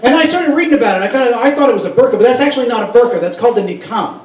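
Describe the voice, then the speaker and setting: A man performs a stand-up comedy set in a club, rambling and profane with many restarts. His very high voice is animated and racing, captured by a distant mic with roomy room sound.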